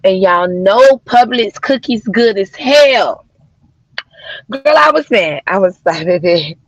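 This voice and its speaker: A woman's voice: mid-range voice, expressive, slow, no room sound, lo-fi sound. A woman chatting casually on a livestream, talking to her viewers like friends, with plenty of swearing and slang. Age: adult mother of daughters. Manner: chatty, swearing, addressing viewers as y'all and child. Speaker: livestream host.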